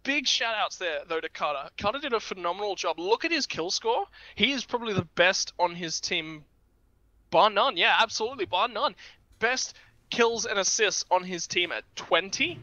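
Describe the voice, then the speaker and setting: A man casting an esports match, talking fast and animated about team fights and shouting at big plays. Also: sits high, dry recording, lo-fi sound. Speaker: esports caster. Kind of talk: excited esports commentary.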